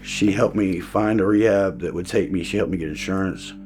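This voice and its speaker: A man telling his own story in a personal testimony, earnest and halting, restarting his sentences and at times emotional. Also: sits low, a little mellow, soft background music.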